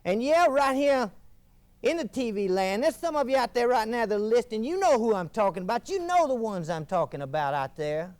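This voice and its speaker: An actor playing a fiery male TV preacher, delivering a folksy fire-and-brimstone sermon with wild swings in pitch. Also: sing-song, brisk, a little mellow. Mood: preaching. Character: fiery male TV preacher thundering about damnation. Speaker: televangelist. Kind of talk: scripted mock TV sermon.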